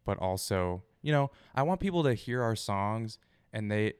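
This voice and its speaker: Smooth-voiced, low man. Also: normal speed, no room sound, clean studio sound. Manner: candid, relaxed, occasional swearing. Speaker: musician guest. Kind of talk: casual interview.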